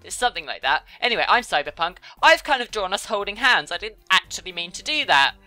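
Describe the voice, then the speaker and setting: Chatty, giggly woman with bright tone. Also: mid-range voice, very animated, fast talker, dry recording, soft background music. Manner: chatty, giggly, self-deprecating. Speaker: YouTuber. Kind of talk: casual commentary while drawing.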